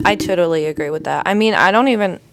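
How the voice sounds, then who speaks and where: A woman co-hosting a casual podcast, chiming in and sharing openly in a relaxed chat. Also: lowish voice, quick pace, noisy background. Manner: chimes in with short agreements. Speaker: podcast co-host.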